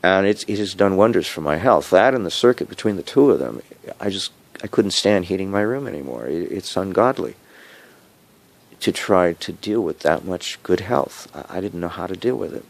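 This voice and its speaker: A man with a very low voice and a rough, fry-laden texture. He talks in a meandering personal monologue, stumbling over his words, repeating himself and chuckling to himself. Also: expressive. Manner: digressive, halting, with frequent repeats and chuckles. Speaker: home cook sharing health updates.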